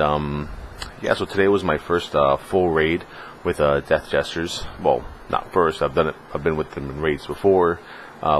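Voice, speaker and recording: A man with a deep, low voice chats casually on his gaming vlog late at night at home. He rambles through plenty of fillers and gets excitable about the game. A faint hum sits behind him. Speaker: gaming vlogger. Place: home room in California.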